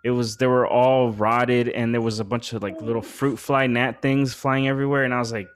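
A man's voice: mid-range voice, steady tone, brisk, slight background noise. A man hosting a podcast, telling a story in a rambling casual chat full of slang and swearing, his voice rising when he gets worked up. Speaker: podcast host.

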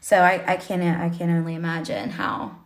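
Chatty young woman host, lowish voice. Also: animated, moderate pace. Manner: chatty, affirming. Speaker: host, interviewing her father. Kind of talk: casual podcast chat.

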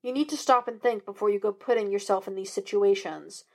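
A woman's voice: medium pitch, fairly quick, darkish tone, close to an everyday voice. A stern older father, as a woman reader puts him on, snapping and scolding with rising force. Firm and clipped.

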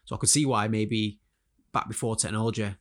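A man's voice: fairly low pitch, fairly even intonation, a little fast. A man co-hosting a podcast, reasoning things through in casual chat. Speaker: podcast co-host.

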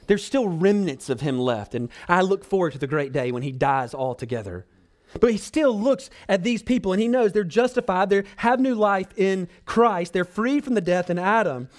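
At normal speed and with lively intonation, a male pastor preaches and earnestly calls the congregation brothers and sisters. He moves between pleading loudly and speaking low and hushed.

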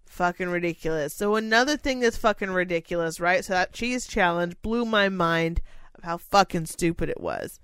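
A woman's voice: fairly low pitch, expressive, moderate pace, fairly bright tone, clear, resonant tone, dry recording. A woman co-hosting a casual podcast, ranting with lots of swearing and exasperation. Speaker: podcast co-host. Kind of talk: casual chat.

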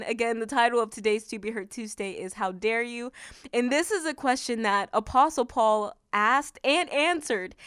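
A woman hosting a devotional podcast, reading scripture softly and then preaching with fervent, emphatic exclamations. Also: on the high side, clear, resonant tone, dry recording, studio quality. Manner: reads scripture slowly and softly.

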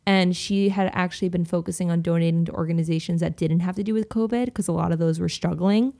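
A woman in her twenties co-hosts a podcast and tells stories in a relaxed, chatty way. Her voice sits a little low and has a gravelly, fry-laced edge. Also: fast. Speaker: podcast co-host. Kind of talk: casual chat.

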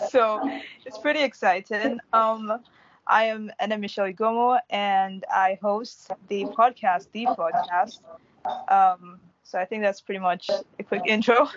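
A woman's voice: mid-range voice, dull audio. A woman who is a guest on a podcast, introducing herself in a cheerful, slightly hesitant way. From outside the United States.

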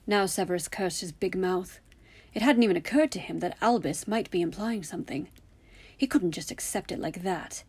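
Woman storyteller, low husky voice, steady narration. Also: moderate pace. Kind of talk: story reading.

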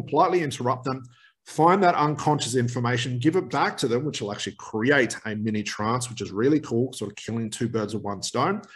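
Energetic man teaching hypnotherapy. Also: medium pitch. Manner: energetic, acts out quick interruptions. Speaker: hypnotherapy trainer. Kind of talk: teaching video to camera.

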